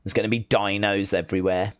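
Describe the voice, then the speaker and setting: A man's voice: fairly low pitch, little pitch movement, quick pace, clear, resonant tone, no room sound, clean studio sound. An English man hosting a casual watch-along live stream, rambling as he reads viewer comments aloud and reacts to them.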